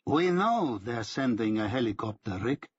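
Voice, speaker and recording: Guy doing a quiet tired rebel leader, low soft distant voice, kinda husky, dull lo-fi audiobook sound. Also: big pitch swings, normal speed, no room sound. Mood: soft weary.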